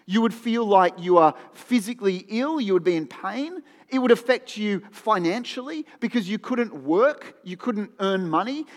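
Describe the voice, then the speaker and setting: Male preacher with a high voice, chatty and earnest, repeats lines for emphasis, recorded in a reverberant church hall. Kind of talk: sermon.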